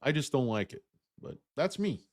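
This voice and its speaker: Profane, animated male stock streamer. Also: moderate pace, no room sound, studio quality. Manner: profane, blunt and indignant; swings between loud outbursts and low muttered asides. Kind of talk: livestream rant answering chat.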